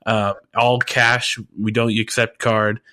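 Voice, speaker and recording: A man's voice: fairly low pitch, flat delivery, slow pace, sharp tone. Laid-back man telling a story, laughing. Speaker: podcast co-host. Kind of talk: casual chat, storytelling.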